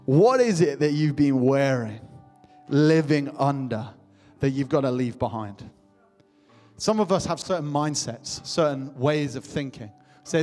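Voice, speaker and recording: A man's voice: a little high, animated, measured pace, darkish tone. Impassioned young male preacher in a reverberant hall. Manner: impassioned, repetitive calls to the congregation. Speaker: pastor. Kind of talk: sermon. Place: church hall. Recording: long hall reverb with faint music.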